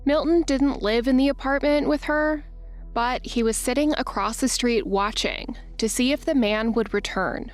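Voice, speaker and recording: A woman hosting a podcast, narrating the story in a measured, scripted way. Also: high-pitched, soft background music.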